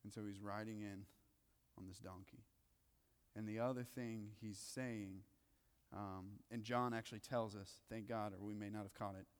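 A male pastor preaching a sermon in a casual, joking way, swinging between loud excitement and hushed asides. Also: lowish voice, moderate pace, smooth. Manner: conversational, joking. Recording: long reverb of a large hall.

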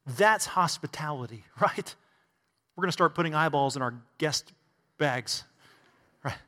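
A man's voice: on the high side, expressive, unhurried, long pauses, bright, forceful tone, in a large hall. A man preaching a sermon to a congregation, asking rhetorical questions and adding bits of humor. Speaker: pastor.

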